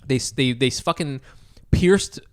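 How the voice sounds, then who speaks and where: A young podcast co-host chats casually and tells a rambling story full of casual swearing. His voice is medium-pitched, smooth and moderately paced.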